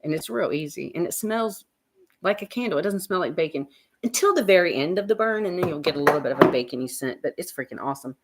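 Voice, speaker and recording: Blunt, chatty woman, low-pitched. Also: lively intonation, fast talker, a little hiss or hum. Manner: chatty and blunt, swears freely, reads viewer comments aloud. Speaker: livestream host. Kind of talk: casual chat while cooking. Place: home kitchen.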